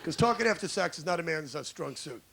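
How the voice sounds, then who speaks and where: A brash stand-up comedian in his forties, from New York, rants at a club crowd in a high, gravelly voice. The live recording carries clear audience noise behind him. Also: expressive, fast talker, a bit bright. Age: 40s. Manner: brash, crowd-baiting, ranting.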